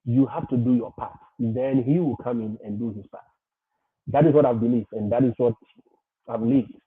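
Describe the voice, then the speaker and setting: A man hosting a livestream, talking emphatically and circling back over his points with frequent laughs. His voice sounds a little husky, and the audio is thin and phone-like, in a dry room with no echo. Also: medium pitch, moderate pace. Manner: emphatic, repetitive, laughs often. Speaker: livestream host. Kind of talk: livestream advice talk.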